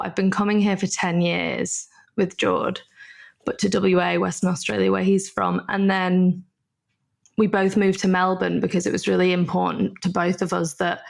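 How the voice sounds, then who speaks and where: A woman in her early thirties, a guest in a casual interview, telling stories in a chatty way with quick bursts. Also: mid-range voice, creaky. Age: 30s.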